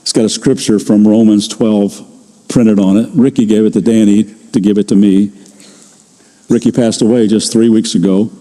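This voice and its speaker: A man's voice: on the low side, fairly even intonation, warm tone. Older male pastor preaching in a reverberant hall. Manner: conversational storytelling, slows for emphasis. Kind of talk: sermon.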